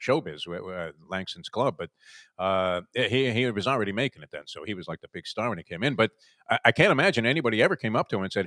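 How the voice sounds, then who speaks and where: A man's voice: on the low side, lively intonation, fast, fairly bright tone, no echo. A man in his seventies hosting a talk show, asking rambling questions full of hesitations. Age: 70s. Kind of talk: casual talk show interview.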